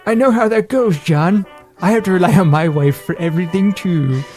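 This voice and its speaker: A man's voice: sits high, a little fast, darkish tone, faint music behind. A man co-hosting a podcast in casual chat, joking and rambling with self-deprecating asides. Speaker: podcast co-host.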